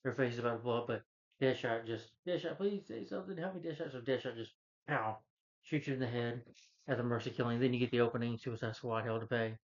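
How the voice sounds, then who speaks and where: A man's voice: mid-range voice, little pitch movement, fast, muffled recording. A man casually recapping a film as a reviewer, rambling with lots of "you know" and "like". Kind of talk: casual spoken movie recap.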